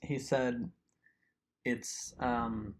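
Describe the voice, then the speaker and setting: A man's voice: medium pitch, little pitch movement, drawn-out words, slight background noise. A young man co-hosting a podcast, telling rambling stories in casual chat and laughing often. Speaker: podcast co-host.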